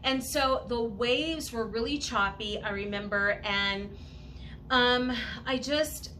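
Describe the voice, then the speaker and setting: A woman telling a casual personal story in an animated way, laughing often and acting out what people said. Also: fairly high pitch, slow, slight background noise. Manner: animated, laughing often, acts out quoted voices.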